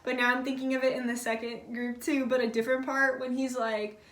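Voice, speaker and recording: A fairly high-voiced woman talks her way through a casual tarot reading in a loose, blunt way, cursing without a second thought. Her voice bounces around an echoey room. She sits a little back from the mic. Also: flat delivery, fairly quick, a bit bright, recorded from a distance. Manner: chatty and blunt, swears freely, many fillers like "like". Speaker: tarot reader.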